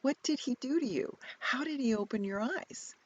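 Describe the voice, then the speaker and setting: A woman's voice: high voice, animated, normal speed, muffled recording, voice pushed up. A woman reading the lines of stern religious leaders who speak in a reviling, accusing way.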